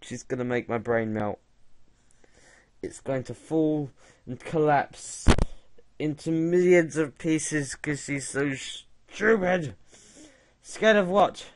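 A man's voice: a little high, slow. A young man giving casual gaming commentary, mocking and laughing at a chatbot. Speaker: gaming video creator.

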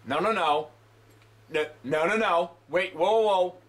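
A man's voice: high-pitched, a little slow, fairly bright tone. A young man giving let's play commentary, swearing in exasperated outbursts. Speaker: gamer.

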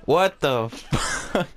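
A man giving casual, excitable commentary while playing a basketball video game, swearing and trash-talking. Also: on the high side. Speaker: gameplay commentator.

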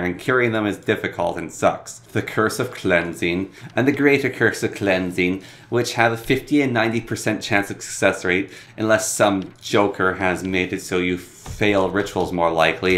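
A man hosting a casual, joking game tutorial in a playful manner. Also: fairly bright tone. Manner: playful and joking, bouncing pitch.

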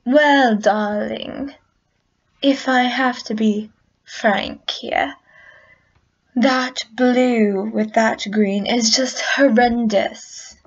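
A woman's voice: fairly high pitch, fairly even intonation, very slow, heavily acted. A woman voicing a posh, snooty female pony with a put-on British accent, drawling and haughty, on a dull lo-fi recording.

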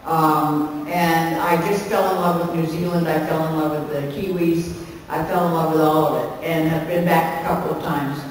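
A woman's voice: deep voice, little pitch movement, moderate pace. A woman in her sixties from Canada, talking candidly and chattily, with frequent laughter running through her answers. She is picked up from far across a big hall, so her voice sounds distant and swims in heavy reverb, with a faint hiss underneath. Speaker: convention panel guest, actress. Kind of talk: candid Q&A on a convention stage. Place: large convention hall stage.

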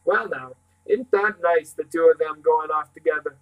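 A man reading aloud and voicing a sentimental, chatty housekeeper woman with a shrill lilt. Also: steady tone, unhurried, phone-quality sound, natural voice. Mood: fond teasing.

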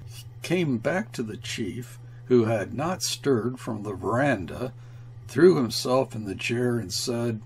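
A man reading a classic short story aloud in a slow, measured, grave manner. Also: mid-range voice, lively intonation, slight background noise. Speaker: audiobook reader. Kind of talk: scripted narration of a classic story.

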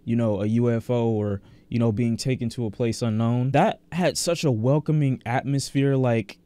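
Blunt, excitable male music reviewer. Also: mid-range voice, moderate pace, clean tone, no echo. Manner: excited, blunt, swears freely, repeats words while thinking. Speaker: music reviewer reacting to an album. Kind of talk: casual reaction commentary.

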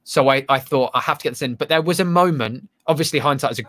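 A man's voice: medium pitch, fast, fairly bright tone. A man, a stage actor, chatting casually in an interview, self-deprecating and full of restarts. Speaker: actor guest.

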